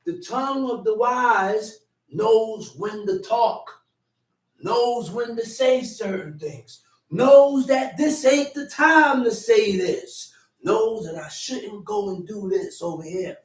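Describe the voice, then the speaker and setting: A man teaches scripture with a high, animated voice, acting out arguments and repeating lines for weight. He sounds set back from the mic in an echoey space. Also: slow pace, distant mic. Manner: animated, acts out quarrels with shouting; repeats phrases for emphasis. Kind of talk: street-corner Bible teaching.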